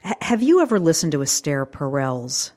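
A woman interview host introducing her show and framing questions for an author in a curious, measured way. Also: low-pitched, very animated, a little mellow. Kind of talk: interview hosting.

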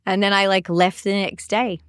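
A woman's voice: mid-range voice, little pitch movement, moderate pace, no room sound, studio quality. A woman from Sydney with an Australian accent, chatting casually as a guest in an interview, laughing easily and filling her talk with "like". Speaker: actor, guest.

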